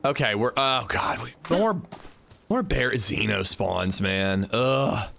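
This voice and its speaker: A young man chatting casually on a gaming livestream, rambling and animated as he reads chat while playing. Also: medium pitch, takes it slowly, creaky, a little hiss or hum.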